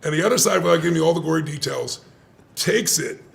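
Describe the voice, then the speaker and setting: Older man, gravelly, higher-pitched voice, animated storyteller, interview guest. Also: fast talker. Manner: animated, acts out quoted voices, laughs often. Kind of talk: conversational storytelling.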